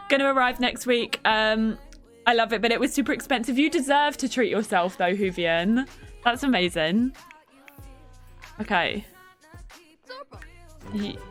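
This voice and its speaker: A young woman streams a game and chats casually, reacting to the action and thanking viewers by name, with faint music behind her. Her slightly bright, higher voice has lively intonation, and she speaks a little slowly with long pauses.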